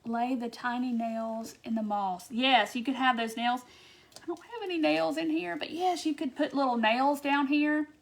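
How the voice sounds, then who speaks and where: A woman from Wisconsin hosting a casual live-stream craft tutorial, chatting to viewers, answering their comments and muttering soft asides to herself as she works. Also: sits high, steady tone, normal speed.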